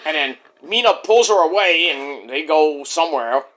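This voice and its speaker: A man's voice: on the high side, expressive, moderate pace, a bit bright. A man reviewing a wrestling show in a casual, rambling, jokey way, interrupting himself with asides.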